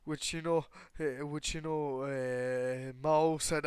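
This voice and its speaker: A man's voice: on the high side, fairly even intonation, slow pace, clean tone, no room sound, clean studio sound. A young man improvising a fan story, rambling with constant fillers, restarts and casual swearing.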